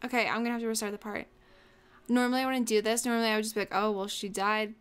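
A woman's voice: a little high, little pitch movement, very fast, clean tone. A young woman casually commenting on her own gameplay as a let's play host, often gasping and exclaiming.

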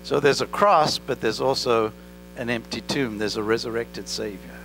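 A man's voice: mid-range voice, normal speed, creaky, fairly bright tone, faint music behind, rough recording. A male pastor preaching an earnest sermon, telling a story with rising and falling emphasis. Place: church. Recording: church recording with electrical hum.

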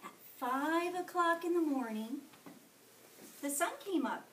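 A woman reading a picture book aloud to a kindergarten class, slowly and expressively, often checking in with the children. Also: sits high, a little hiss or hum. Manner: slow and expressive, asking the children questions. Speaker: storyteller. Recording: echoey classroom from far off.

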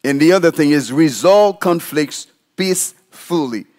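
A man preaching a sermon as pastor in a church, animated and demonstrative, putting questions to the congregation. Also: fairly high pitch, a little slow. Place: church sanctuary.

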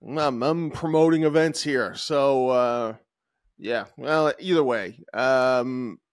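A man co-hosting a talk podcast, rambling through his points with lots of "um" and "uh" and restarted sentences. His voice sits at an ordinary middle pitch, recorded close and dry with no room sound. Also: takes it slowly, no echo. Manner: rambling, many fillers and restarts. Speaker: podcast co-host. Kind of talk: casual chat.

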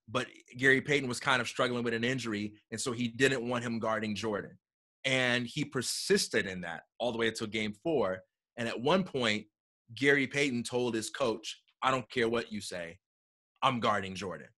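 A man talking as a guest in a casual conversation, animated and acting out quotes as he tells a story, heard over a video call. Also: medium pitch. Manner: animated storyteller, acts out quotes, repeats words.

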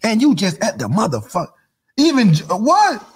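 Husky podcast guy going off, clowning everything, voice jumping all over the place. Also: high voice, huge pitch swings, normal speed. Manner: loud, mocking, repeats phrases, laughs a lot. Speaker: podcast host. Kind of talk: comedic commentary rant.

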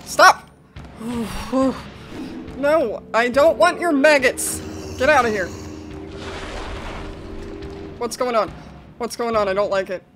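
High-voiced woman, panicked horror gameplay commentary. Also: unhurried. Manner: panicky, jittery, breaks into nervous laughs. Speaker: gaming video host. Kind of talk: horror game let's play commentary. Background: game music.

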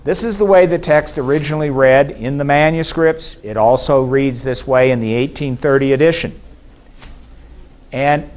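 A man giving a measured, explanatory academic lecture at a conference, pausing now and then with fillers and restarts. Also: medium pitch, a little mellow. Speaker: scholar giving a conference presentation. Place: conference hall.

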